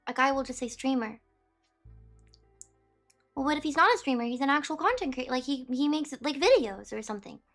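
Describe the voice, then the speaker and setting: Young woman, high-pitched, rambling casual stream chat, vocal beeps, faint background music. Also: expressive, brisk, long pauses, fairly bright tone. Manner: rambling, chatty, bleeps out words aloud. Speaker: streamer chatting with viewers.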